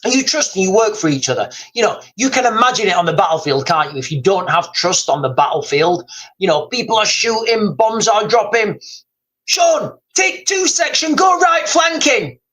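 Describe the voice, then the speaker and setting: A man's voice: high-pitched, brisk, a bit bright, rough recording. A man hosting a casual livestream, rambling, repeating himself and reading out viewer comments. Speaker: livestream host. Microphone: streaming mic.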